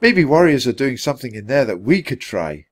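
A man's voice: mid-range voice, big pitch swings, a little fast. A man reading a storybook aloud, voicing a curious, bookish young boy who explains things matter-of-factly. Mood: explaining.

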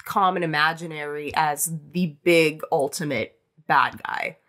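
A woman co-hosting a podcast, talking in a chatty, casual way with many fillers, restarts and lively bursts of emphasis. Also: sits low, measured pace. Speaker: podcast co-host.

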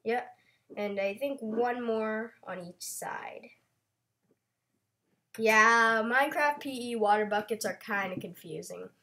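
A woman's voice: a little high, takes it slowly, long pauses, pushed and bright. Chatty young woman playing a game. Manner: chatty, playful, self-conscious. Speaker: Minecraft channel host. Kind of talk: casual gameplay chat.

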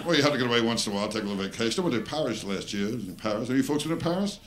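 A man's voice: medium pitch, expressive, racing. A man doing live stand-up comedy on a club stage, firing off brash self-mocking one-liners and bantering with the audience. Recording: live club recording, loud crowd laughter and noise.

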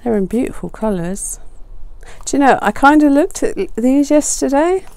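A woman's voice: sits high, expressive, normal speed, a little mellow, no room sound. Gushing woman unboxing craft gifts. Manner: gushing, exclaims over each item, chatty asides. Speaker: papercraft vlogger. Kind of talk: casual unboxing chat. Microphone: desk mic close to the chin.

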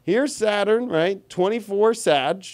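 A man hosting an astrology livestream, talking in a rambling, animated way full of fillers like "you know" and "okay". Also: sits high, takes it slowly. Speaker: astrologer host. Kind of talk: livestream talk.

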